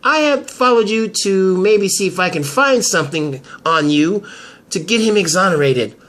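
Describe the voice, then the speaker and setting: A man voicing a confident woman lawyer in an amateur soap drama, making firm, drawn-out threats. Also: sits high, expressive, a bit bright. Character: sharp, confident woman lawyer, cornering a blackmail target.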